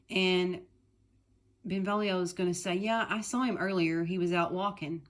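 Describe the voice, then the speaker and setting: A middle-aged woman teacher retelling a play for her students in a chatty, paraphrasing way, often clearing her throat. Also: lowish voice, fairly even intonation, normal speed.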